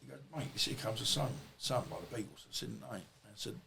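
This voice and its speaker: A man sits as a guest on a podcast, sharing stories in a loose, rambling flow with plenty of swearing. His voice sits at an ordinary middle pitch, and a faint hum of room noise sits behind him. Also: quick pace, gravelly, sharp tone. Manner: rambling, swearing, colloquial storytelling. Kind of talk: casual storytelling interview.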